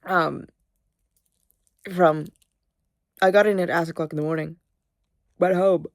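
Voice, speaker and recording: Young woman, vlogger, sleepy, sniffly, rambling, swearing, dry close sound, low voice. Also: steady tone, a little slow, no room sound. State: sleepy, yawning; sniffly, congested. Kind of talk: casual vlog chat.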